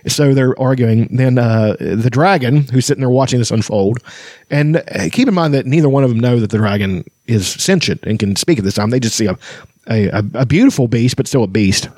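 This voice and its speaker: A man's voice: mid-range voice, animated, a little fast, a little mellow, dry recording, clean studio sound. Chatty man discussing a fantasy book. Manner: chatty, enthusiastic, many fillers and restarts. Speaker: podcast host. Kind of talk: casual book discussion with read-aloud passages.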